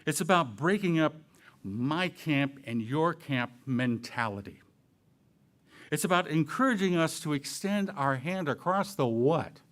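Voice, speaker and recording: A man delivering a church talk at an unhurried pace, his pitch rising and falling widely as he goes. His voice sits a little higher than most men's. He quizzes the audience and slips in playful asides. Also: animated, a bit bright. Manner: asks the audience rhetorical questions. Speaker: church speaker. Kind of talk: sermon-style talk.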